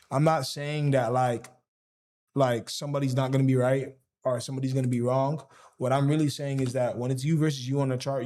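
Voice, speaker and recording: A man commentating his own trades on a live stream. He is excitable and slangy, and he talks straight to his chat. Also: mid-range voice.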